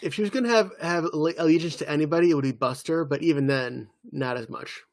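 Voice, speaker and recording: A man's voice: a little high, fast. Man chatting loosely as podcast co-host. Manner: rambling, filler-heavy storytelling. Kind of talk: casual chat.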